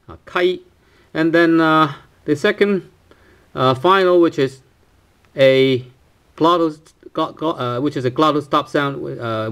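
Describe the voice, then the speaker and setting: Man, language teacher, hesitant, lots of fillers, repeats sounds, asks "right?" a lot. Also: medium pitch. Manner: hesitant, many fillers and tag questions, repeats sounds for practice. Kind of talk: pronunciation lesson.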